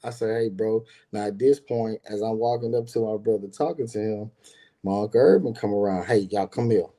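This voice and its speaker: This time his voice is lowish and warm and he moves fairly quickly. The adult father of a grown son rambles through a personal story, repeating himself and performing the voices of those he quotes.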